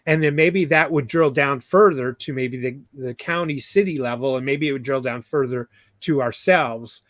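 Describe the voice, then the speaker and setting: A man's voice: medium pitch, normal speed, fairly bright tone, no echo. A man co-hosting a casual podcast, explaining ideas in a loose, hesitant way with many restarts. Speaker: podcast co-host.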